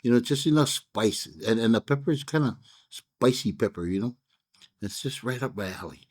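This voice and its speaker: A man's voice: mid-range voice, animated, moderate pace, darkish tone. A man with a Hawaiian pidgin accent, chatting casually and telling a rambling story while reviewing a cigar, full of fillers and restarts. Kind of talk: casual chat.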